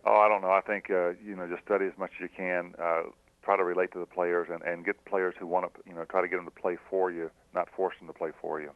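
Man, deep voice, quick halting talk, tinny phone line, dry sound. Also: flat delivery, no room sound. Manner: soft-spoken and halting, with many fillers and restarts. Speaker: former pro basketball player, guest; high school basketball coach. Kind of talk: phone-in radio interview. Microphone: telephone.

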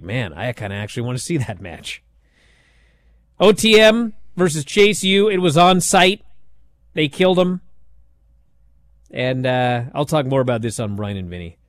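A man hosting a wrestling recap show, talking in a sarcastic, animated way and acting out what others said. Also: medium pitch, moderate pace, no echo. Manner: sarcastic, animated, acts out quotes. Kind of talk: casual recap commentary.

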